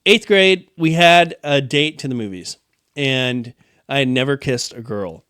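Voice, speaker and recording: A young man rambles through an embarrassing story, poking fun at himself. His voice sits at a middle pitch. The recording is dry and close, with no room echo. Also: unhurried, a bit bright, clear, resonant tone. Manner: rambling, self-mocking, swears. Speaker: podcast co-host. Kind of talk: casual chat.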